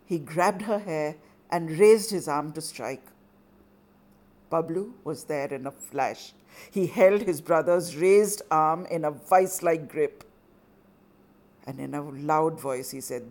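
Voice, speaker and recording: A woman telling a story dramatically and with measured delivery. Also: sits low, a little mellow. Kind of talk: oral storytelling performance.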